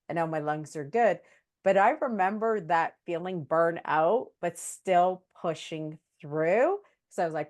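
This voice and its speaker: A woman hosting an interview, telling stories in a chatty way and laughing often. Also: on the low side. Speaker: host, psychic medium. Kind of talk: casual interview chat.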